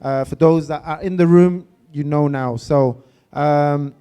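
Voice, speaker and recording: Brief: male event host, high voice, loose unscripted announcements. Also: fairly even intonation, a little slow, mellow, smooth. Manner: unscripted, frequent ums and uhs. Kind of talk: presenting at an awards evening.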